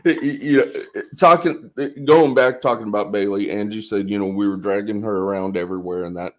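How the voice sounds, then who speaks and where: A man's voice: lowish voice, brisk. A man co-hosting a casual podcast, chatty and agreeable, often repeating himself. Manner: chatty, frequent yeahs and repeats. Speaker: podcast co-host.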